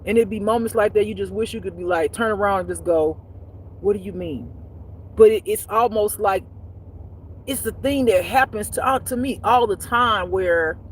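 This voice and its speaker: A woman telling a personal story as a spiritual life teacher, in a blunt, profane, animated way that swings between loud and hushed. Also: medium pitch, a little hiss or hum. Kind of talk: casual storytelling monologue.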